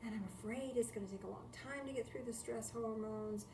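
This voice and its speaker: A woman's voice: on the high side, a little fast, a little mellow. A woman giving a live-streamed spiritual talk from home, reflective and conversational, repeating key phrases and asking rhetorical questions. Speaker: spiritual teacher. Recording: echoey room, distant mic, faint noise.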